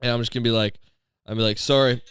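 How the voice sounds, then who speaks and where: A man who is a comedian and podcast host, telling a rambling, profane story in a deadpan, digressive way. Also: on the low side, rapid-fire, a little hiss or hum.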